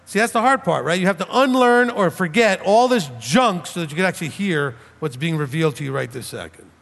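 Male rabbi preaching, emphatic and animated, voice ringing in a large hall. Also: high voice, brisk, gravelly. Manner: emphatic, rhetorical questions, mocking imitations of critics. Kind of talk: sermon. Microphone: preaching without notes, standing. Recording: long hall reverb.

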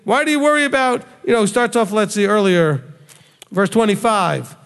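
A man's voice: high-pitched, normal speed, fairly bright tone. A man preaching a sermon, bluntly scolding his listeners with rhetorical questions. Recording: long hall reverb.

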